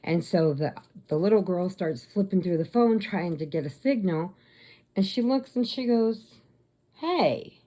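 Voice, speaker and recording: A woman casually retelling a movie plot, chatty, slipping into quick voices for the characters. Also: lowish voice, dark tone. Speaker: crochet vlogger.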